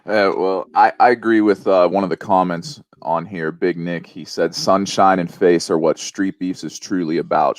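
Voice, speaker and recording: Deep voiced podcast host guy, halting, uh and well a lot, dry close sound. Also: no room sound. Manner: halting, with fillers. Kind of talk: casual interview.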